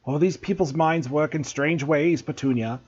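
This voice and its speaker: A man's voice: on the high side, husky, dull audio. A man doing a blustering furious uncle. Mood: smug. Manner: loud, slow, wheezing bluster.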